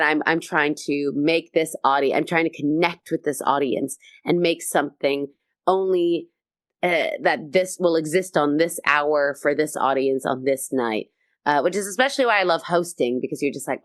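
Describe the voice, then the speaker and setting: A woman comedian talks as an interview guest, her voice sitting on the low side. She tells her stories with lively, high energy. The sound is dry and close, with no room around it. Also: normal speed, no room sound. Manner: high-energy, animated storytelling. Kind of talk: casual interview chat.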